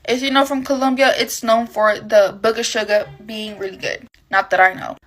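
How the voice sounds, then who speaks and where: A woman chatting through a storytime while doing her makeup, animated and calling the listener "girl". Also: a little high, moderate pace.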